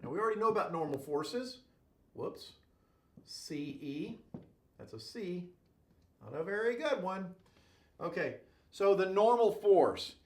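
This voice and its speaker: A man's voice: high-pitched, big pitch swings, a little slow, long pauses, darkish tone, slight background noise. A male engineering instructor giving a classroom-style lecture at a whiteboard, playful and jokey, checking in with "okay?" and "right?" all the time.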